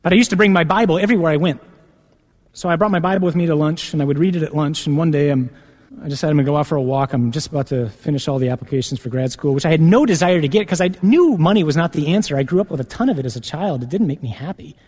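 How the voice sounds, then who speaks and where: Lively storytelling priest in a reverberant hall. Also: male voice, racing. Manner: lively storyteller, acts out dialogue with rising pitch. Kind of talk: personal testimony sermon.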